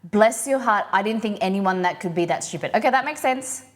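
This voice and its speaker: A woman's voice: mid-range voice, animated, a little fast. A woman with an Australian accent hosting a live stream, chatting casually and rambling with lots of restarts as she answers viewers. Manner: acts out quoted phrases in playful voices. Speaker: livestream host. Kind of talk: casual chat reading viewer comments.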